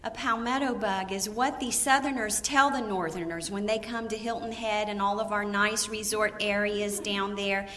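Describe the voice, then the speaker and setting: Bright-voiced woman preacher. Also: medium pitch, normal speed, hardly any pauses, slight background noise. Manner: animated storyteller, laughs often, acts out quotes. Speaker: women's ministry speaker. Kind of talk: storytelling sermon to a live audience.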